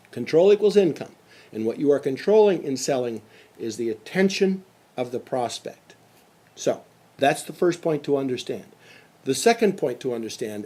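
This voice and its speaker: A man's voice: mid-range voice, dark tone. A middle-aged man giving a motivational sales lecture, emphatic and repeating his key phrases. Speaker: sales trainer.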